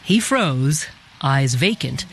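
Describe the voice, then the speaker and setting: A woman hosting a radio program, narrating a scripted news segment in a measured, deliberate way. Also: a bass voice, lively intonation, a little hiss or hum. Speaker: radio host. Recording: music bed behind voice.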